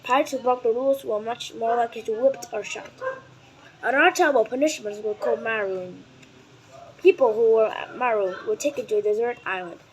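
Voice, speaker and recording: A higher-voiced Vietnamese woman reading aloud. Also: rough recording. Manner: careful and deliberate, sometimes stumbling and correcting words. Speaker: reader of a children's book. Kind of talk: reading a nonfiction book aloud.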